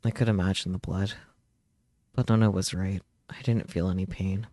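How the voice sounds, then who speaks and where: A man reads a visual novel aloud for his stream in a low, brooding tone. His voice sits dry and close to the mic, and he leans into the drama of each line. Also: steady tone, moderate pace, mellow, no echo.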